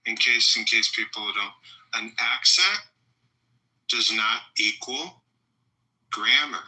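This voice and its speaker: Snarky male panelist with a bright, sharp voice, all jabs and asides. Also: mid-range voice, lively intonation, takes it slowly, low-quality recording. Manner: sarcastic, mocking interjections. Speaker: debate panelist.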